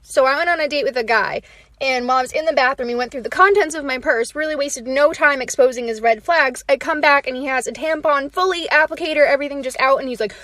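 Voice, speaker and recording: A young woman telling an incredulous dating story for a social video. Her voice is high, and the sound is dry and close. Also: fast talker, a bit bright, no room sound.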